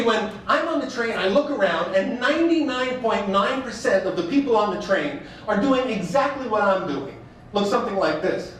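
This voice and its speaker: High-voiced man. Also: slight background noise. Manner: wry, animated storytelling with mock quotes. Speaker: speaker. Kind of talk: stand-up style speech. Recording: echoey room, mic far off.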